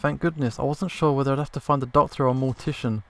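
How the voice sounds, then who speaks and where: A man's voice: mid-range voice, fairly even intonation, quick pace, a bit bright, natural voice. A man voicing a friendly, easygoing fisherman in a video game, speaking in a casual, helpful way.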